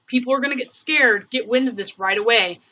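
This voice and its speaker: A woman's voice: fairly high pitch, fairly quick, sharp tone, muffled recording. A woman hosting a casual livestream, rambling and thinking aloud with many fillers. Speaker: livestream host.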